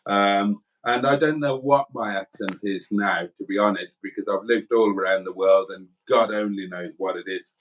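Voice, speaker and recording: A man's voice: lowish voice, normal speed, hardly any pauses, lo-fi sound. A middle-aged man from South Wales hosting a casual livestream, chatting in a rambling, self-deprecating way as he reads out viewer comments. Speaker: livestream host.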